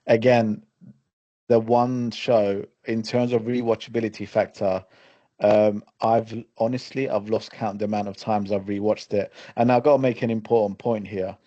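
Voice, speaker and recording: A man's voice: lowish voice, flat delivery, moderate pace, warm tone. A man co-hosting a casual podcast, blunt and full of fillers. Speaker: podcast co-host. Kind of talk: casual chat. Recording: dull lo-fi sound.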